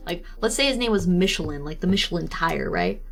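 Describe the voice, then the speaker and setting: A woman's voice: on the low side, very animated, brisk, vocal fry, soft background music. A young woman streamer chatting casually while she draws, rambling and teasing, laughing often. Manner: teasing, snarky.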